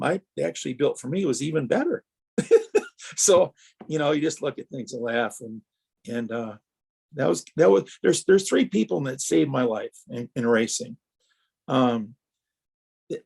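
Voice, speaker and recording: His medium-pitched voice is creaky, a little mellow and slightly rough. He's a retired racer from Wisconsin on a podcast, rambling through stories with frequent restarts and voicing the people in them.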